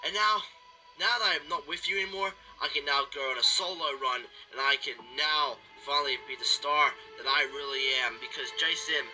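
A smug young wrestling heel gloats over ditching his partner, as a man acts him out. His voice sits high for a man, and loud music runs underneath. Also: fairly quick, poor audio. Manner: boastful, sneering.

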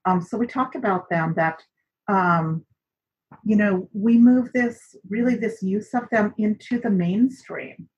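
A woman's voice: mid-range voice, measured pace, a little mellow. A woman teaching an online cooking and seaweed class in a chatty way, with many fillers. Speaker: instructor. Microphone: recorded on camera for an online class. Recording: dull lo-fi recording.

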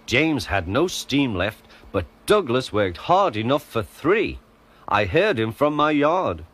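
A man doing a calm kindly engine. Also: slow, full character voice. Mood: earnest. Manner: calm, low, gentle. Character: kind steady old engine, male. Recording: music playing behind.

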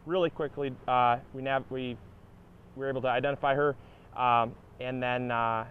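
A young man hosting a gardening channel, talking casually outdoors at his beehive, relaxed and upbeat with many fillers and restarts. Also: mid-range voice, normal speed, clear, resonant tone, phone-quality sound. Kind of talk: casual outdoor how-to vlog.

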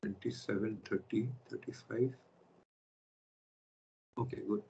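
A man's voice: fairly low pitch, steady tone, a little slow, gravelly, dark tone, lo-fi sound, a little hiss or hum. A man teaching a scripture class over a video call, explaining step by step and checking in with his students.

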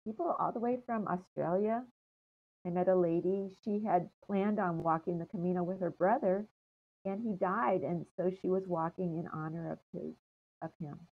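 An older American woman telling stories from her travels in an interview, meandering with many ums and trailing off softly. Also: lowish voice, steady tone, normal speed, husky. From United States. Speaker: interview guest. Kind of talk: casual storytelling interview. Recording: tinny phone-like line.

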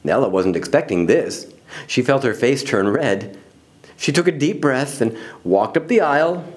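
A man reading a children's picture book aloud in an expressive, animated way. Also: mid-range voice, normal speed. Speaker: storybook reader.

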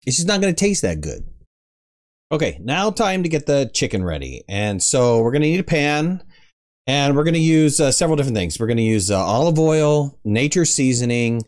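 A man's voice: mid-range voice, very animated, moderate pace, darkish tone. Chatty joking man hosting cooking. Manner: chatty and joking, with self-mocking asides. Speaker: cooking show host. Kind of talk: casual cooking tutorial.

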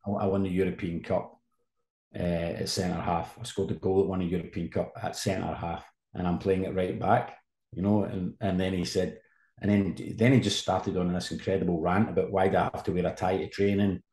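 Man, fifties, low voice, roomy echo, lively anecdote teller. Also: brisk. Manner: animated anecdote-telling, lively asides. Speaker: sports journalist, podcast guest. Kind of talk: casual storytelling.

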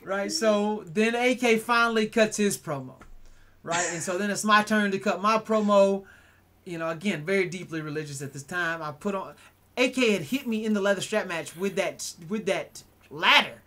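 Animated man telling a story. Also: high voice, normal speed. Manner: animated, acts out quotes, keeps adding "right?". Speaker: podcast host. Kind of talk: casual storytelling chat.

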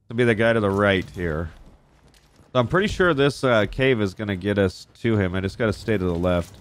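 Excitable, foul-mouthed man with a low voice. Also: brisk. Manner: excitable, profane, jokey, talks to game characters. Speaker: gaming YouTuber. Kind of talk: gameplay commentary.

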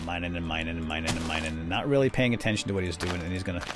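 A man's voice: low-pitched, fairly even intonation, rapid-fire, over music. A middle-aged man hosting a casual game commentary, chatty and rambling as he tells stories and narrates what he is doing. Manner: chatty storyteller, rambling asides. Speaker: host. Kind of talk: casual let's-play commentary.

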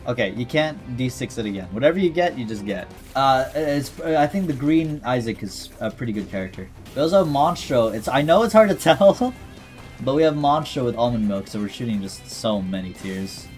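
A man's voice: mid-range voice, lively intonation, brisk, a little mellow, soft background music. A man giving casual, jokey commentary over his gameplay, reading item descriptions aloud and talking back to the game's character. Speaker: gaming YouTuber.

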